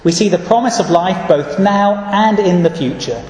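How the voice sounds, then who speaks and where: A man preaches in a steady, earnest way, often pausing to read out scripture verses. His voice sits fairly high for a man. It rings through a large church hall with a long, echoey tail. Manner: earnest, measured, reads scripture verses aloud. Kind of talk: sermon.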